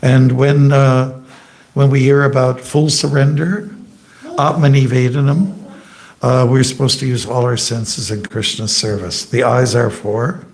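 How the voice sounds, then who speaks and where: A man's voice: medium pitch, steady tone, measured pace, darkish tone. Chatty man teaching a scripture class. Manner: chatty and joking, asks the audience questions. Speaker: monk giving a scripture class. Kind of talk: informal scripture class with anecdotes. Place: temple hall.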